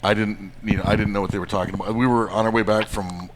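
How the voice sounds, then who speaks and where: A man's voice: fairly low pitch, flat delivery, fast talker, a crowd in the background. A man co-hosting a podcast, telling a story casually and hesitantly, with many fillers. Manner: hesitant, lots of fillers, laughs at his own story. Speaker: podcast co-host.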